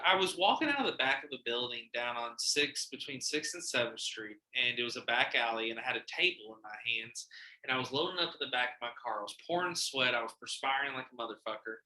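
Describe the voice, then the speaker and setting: A man hosting a casual podcast, telling animated, profane stories and acting out the quotes. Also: medium pitch, roomy sound, rough recording. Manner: animated, profane storyteller who acts out quotes. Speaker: podcast host. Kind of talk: casual podcast chat, storytelling.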